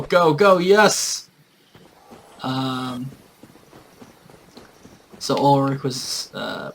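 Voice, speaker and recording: Recounting a tabletop game session in casual storytelling style, this man rambles with plenty of fillers. His middling-pitched voice carries vocal fry, faint background noise sits underneath, and the audio quality is poor.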